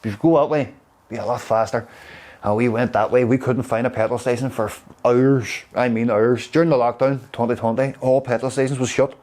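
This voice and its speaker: Derry man, interviewee, tells stories with lots of pauses and fillers. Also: medium pitch, fairly even intonation, darkish tone. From Derry, Northern Ireland. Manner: rambling, halting, with fillers. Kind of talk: casual storytelling.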